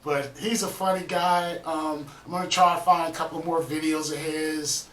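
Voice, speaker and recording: A man's voice: a little high, steady tone, moderate pace, a bit bright, roomy sound, recorded from a distance, a little hiss or hum, rough recording. A man casually chatting as host of a reaction video, laid-back and rambling with lots of "um" and "man". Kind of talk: casual chat.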